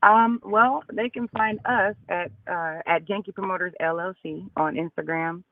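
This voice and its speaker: Gravelly comedy promoter on a talk show. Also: male voice, high voice, steady tone, moderate pace, no echo, phone-quality sound. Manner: chatty, laughs easily, restarts phrases. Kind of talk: casual interview chat.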